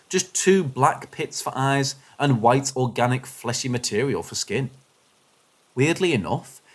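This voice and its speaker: A man giving scripted, expressive narration of first-person paranormal stories, shifting his delivery with the suspense. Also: medium pitch. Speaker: story narrator.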